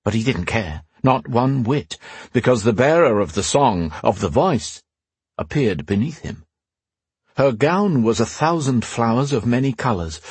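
A man reading a fantasy audiobook, telling the story in a measured, expressive way. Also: fairly low pitch, slightly rough, dry recording. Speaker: narrator. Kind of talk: scripted fantasy audiobook narration.

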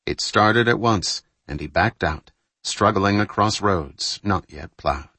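A man reading a thriller novel aloud in measured, scripted audiobook narration. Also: fairly low pitch, sharp tone, husky, no room sound.

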